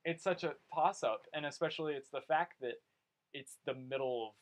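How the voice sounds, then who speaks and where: A man's voice: a little high, moderate pace, rough recording. Chatty young man hosting a podcast. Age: young adult. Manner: animated storyteller, swears casually. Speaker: podcast host. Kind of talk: casual chat.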